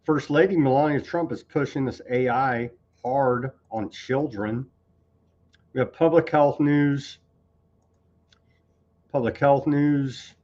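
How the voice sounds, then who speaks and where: Male live-stream news host, loose and rambling, dripping with sarcasm and scorn for the people he covers. His voice sits at an ordinary middle pitch. The audio is a bit dull and lo-fi.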